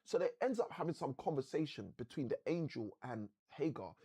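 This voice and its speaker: A man hosting a live motivational session, telling a story like a preacher with slow, dramatic emphasis. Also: a little high, very animated, warm tone, breathy edge.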